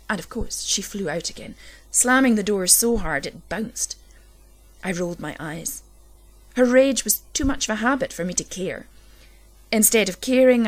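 A woman reads a scripted, grim horror tale in a low, intense storytelling voice that swells during tense moments.

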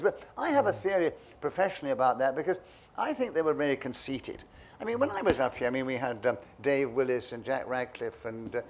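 Older man telling lively stories. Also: fairly high pitch. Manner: lively storyteller, acts out voices. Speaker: interviewee. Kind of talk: reminiscing anecdotes.

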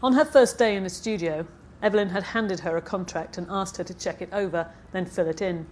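A woman's voice: lowish voice, brisk, a little mellow, a little hiss or hum. A woman novelist reading from her book at a live event, with chatty, hesitant asides between passages and a slight frog in her throat. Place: festival stage.

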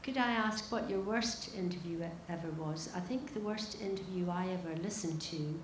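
A fairly low-voiced woman speaks from the audience at a live event, hesitating and chatting her way toward a question. Her voice carries the echo of a large hall, with a clear layer of room noise. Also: normal speed. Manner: hesitant, chatty, many fillers. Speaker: audience member asking a question. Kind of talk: question from the floor.

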